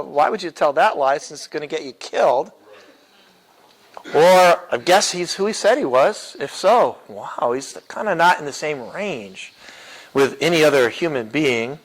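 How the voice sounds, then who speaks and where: A man's voice: on the high side, rough recording. A man teaching a church apologetics class in a casual, chuckling way, with many fillers and restarts. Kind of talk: classroom lecture.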